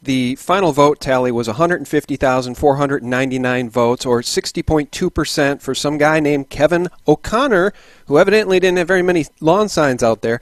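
A man's voice: medium pitch, no echo. A man hosting an interview over a video call, plainly summarizing details for the audience. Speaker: host.

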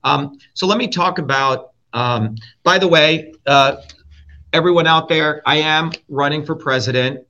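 A man from India, a guest in a heated interview, talking bluntly and forcefully, swearing and repeating his points. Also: on the high side, a little slow. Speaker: guest, presidential candidate. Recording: dull lo-fi audio.

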